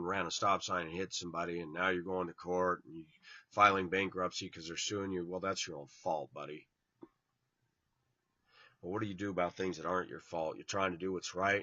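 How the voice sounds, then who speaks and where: Blunt, preachy man, bright lo-fi. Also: low voice, dry recording. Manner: blunt, preachy, swings from loud to hushed. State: tired, yawning. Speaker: online preacher. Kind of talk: informal sermon to viewers.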